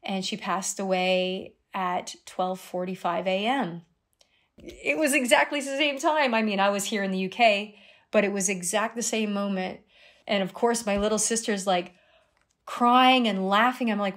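A middle-aged woman, a guest on an interview show, telling a personal story in an animated way, her voice jumping high at surprising moments. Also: measured pace. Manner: animated retelling with sudden high exclamations. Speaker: guest, dream guide.

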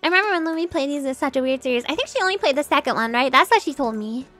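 A young woman streaming a game, with a high, bright voice that jumps all over in pitch. She chats casually and giggles often, with faint game music behind her. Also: animated, rapid-fire. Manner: giggly, chatty, reacts aloud to the game. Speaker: streamer playing a video game. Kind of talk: casual gameplay commentary.

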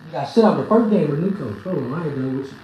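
Brief: excitable, heckling sports fan gone hoarse; pitch leaps all over, echoey room. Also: racing, dull audio, slight background noise. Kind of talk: trash-talking reaction rant.

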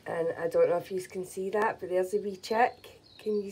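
A woman chatting casually in a home vlog as she checks her pigeons' eggs, cooing gently to the birds. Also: mid-range voice, fairly even intonation, moderate pace, few pauses, slightly rough. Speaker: pigeon keeper.

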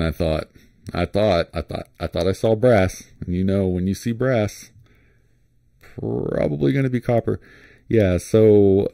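A deep-voiced man from Florida talks casually as he browses, his tone mellow and unhurried. He rambles and restarts, filling gaps with little hums. The sound is dry and close, with no room around it. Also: vocal fry, no echo. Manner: rambling, relaxed, thinks aloud with many fillers and restarts. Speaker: flashlight vlogger. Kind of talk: casual screen-share commentary.

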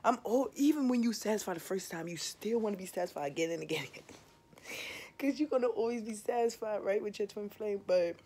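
A woman's voice: mid-range voice, lively intonation, moderate pace, dark tone, husky. Young woman vlogger: open, emphatic, profane, keeps checking in with the audience. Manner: candid, emphatic, swears freely, keeps asking "you understand?". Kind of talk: casual confessional chat to viewers.

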